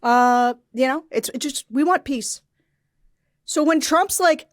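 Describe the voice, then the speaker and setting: High-voiced woman, dry close sound. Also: unhurried, dry recording. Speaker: podcast co-host. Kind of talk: casual political chat.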